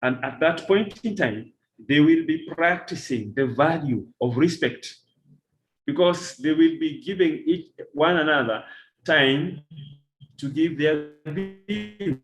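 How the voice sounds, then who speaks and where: Slow, deliberate male teacher trainer. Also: on the high side, expressive, faint music behind, low-quality recording. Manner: slow, deliberate, repeats key phrases for emphasis. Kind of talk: workshop lecture with slides.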